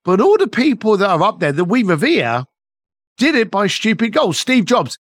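A man's voice: sits high, wildly swooping pitch, moderate pace, dry recording. A middle-aged man, a podcast guest telling motivational stories in an emphatic way and swearing freely. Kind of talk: motivational storytelling.

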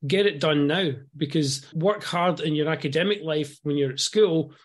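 On a podcast, a Scottish guest entrepreneur in his fifties speaks earnestly at a moderate pace, his voice leaning high. He frequently repeats words as each new thought gets going.

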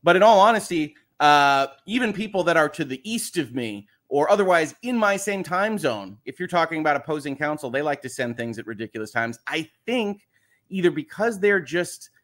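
A man's voice: a little high, lively intonation, normal speed, a bit bright. A middle-aged man hosting a casual live stream, chatting and joking while reading out viewer greetings. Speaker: host. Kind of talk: casual livestream chat.

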